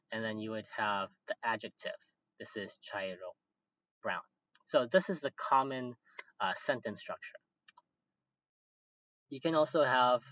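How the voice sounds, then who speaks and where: A man's voice: fairly low pitch, bright, forceful tone, dry recording, highs cut off. A man teaching Japanese grammar, walking patiently through example sentences word by word, with occasional fillers.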